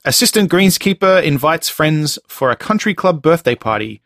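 With a fairly high, sing-song, somewhat bright voice, a man speaks in a dry, studio-quality recording. He's a podcast host quizzing on movie taglines in a casual way, often joking and laughing, and reading taglines slowly and dramatically.

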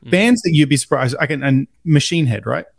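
A man's voice: on the high side, fairly quick, vocal fry, slightly rough, no echo, clean studio sound. A man from Australia with an Australian accent, co-hosting a podcast in casual chat, swearing freely and laughing often. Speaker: podcast co-host. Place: lives abroad in the US.

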